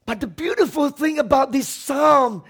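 High-voiced impassioned male preacher. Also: moderate pace, vocal fry. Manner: impassioned, swinging between shouted and hushed lines. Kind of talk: sermon.

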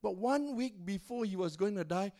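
A man preaching as a pastor at a church service, telling a story with rising and falling loudness and pace and calling out to the congregation for a response. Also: high voice, animated, moderate pace. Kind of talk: sermon storytelling.

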